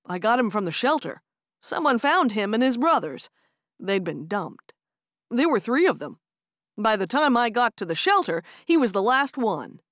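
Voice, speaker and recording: Woman voicing a calm, teasing young Amish man. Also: on the high side, normal speed, dry recording, studio quality. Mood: warm. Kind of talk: audiobook character voice.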